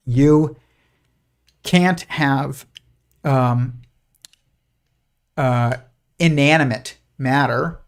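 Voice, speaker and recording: A man with a mid-range voice hosts a live stream, arguing in a rambling way, full of restarts and fillers, and dismissing the ideas he talks about.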